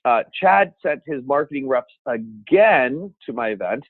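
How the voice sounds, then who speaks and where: A man teaching a seminar on speaking with an energetic, emphatic coaching delivery. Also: medium pitch, measured pace, dry recording. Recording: dry, phone-like sound.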